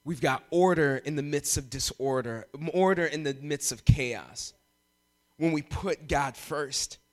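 A man preaching a sermon, emphatic and animated, often jumping up in pitch for emphasis. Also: measured pace. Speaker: pastor.

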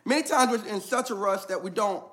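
A male pastor preaches with a high, bright voice that stays lively and playful. He slips casual slang into the sermon, and his energy rises and falls with the message. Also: brisk.

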